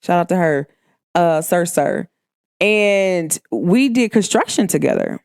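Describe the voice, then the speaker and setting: Hosting her podcast in a casual monologue, a young Midwestern-accented woman from Cincinnati, Ohio, USA, speaks candidly and emphatically, using slang. Her voice is lowish and a little mellow, with lively intonation, and she speaks slowly. The studio recording is clean and echo-free.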